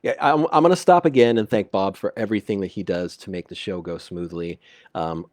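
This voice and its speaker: Man, deep voice, stammering local radio host, fillers and restarts, dry close sound. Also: a little fast, no echo. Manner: reads out listener comments and gives shout-outs. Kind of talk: live call-in community chat. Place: at a home computer.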